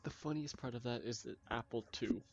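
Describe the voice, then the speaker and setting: A man's voice: mid-range voice, fairly quick, dull audio, slight background noise. A man chatting casually with a friend during a game, making dry, short remarks. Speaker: co-host friend. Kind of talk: casual chat over gameplay.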